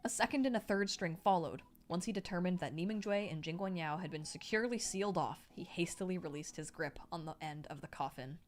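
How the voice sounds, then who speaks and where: Excitable young woman reading to a live stream. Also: on the low side. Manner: excitable, swears freely, squeals in reactions. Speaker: streamer reading a novel aloud. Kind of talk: live-stream read-aloud with reactions.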